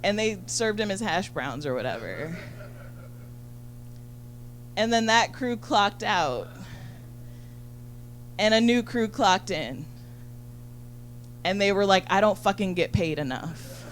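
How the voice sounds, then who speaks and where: A woman doing a stand-up comedy set on a handheld mic, talking rapidly and profanely with lots of "like". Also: mid-range voice, sing-song, slight background noise. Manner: rapid, chatty, full of "like" and profanity. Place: comedy venue.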